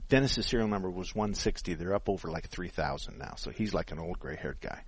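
A man's voice: low voice, a little fast, husky. A man in his sixties hosting a call-in radio show, telling stories in casual chat, laughing often and acting out the people he quotes.

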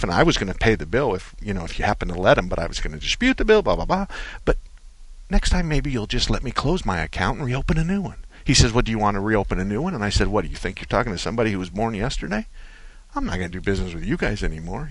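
Dry-voiced folksy radio host. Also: male voice, lowish voice, fairly bright tone, no echo. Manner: folksy storyteller, chuckling, joking asides. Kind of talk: call-in radio talk.

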